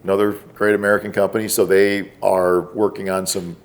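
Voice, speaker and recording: A middle-aged man, a podcast guest, telling stories casually and quoting the people in them. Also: deep voice. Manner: relaxed, drawn-out storytelling with quoted dialogue. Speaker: podcast guest, former special forces operator. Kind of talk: casual storytelling.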